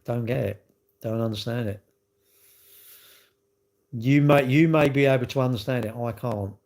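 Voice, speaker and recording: A man's voice: mid-range voice, normal speed, a little mellow. A man chats on his livestream in a loose, rambling way. He circles back over the same points and sounds defensive as he talks to his viewers. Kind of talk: casual live chat to viewers.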